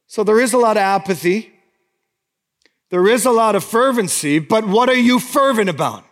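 Male pastor, sermon, unhurried delivery, high voice, fervent then hushed, long church-hall reverb. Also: sing-song. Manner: swings between fervent exhortation and hushed, intimate appeals.

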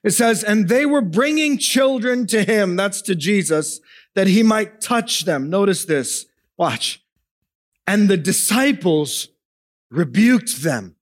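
High-voiced man preaching a sermon. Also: expressive, takes it slowly. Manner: emphatic preaching, swinging between raised and hushed delivery; asks the congregation questions. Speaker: pastor.

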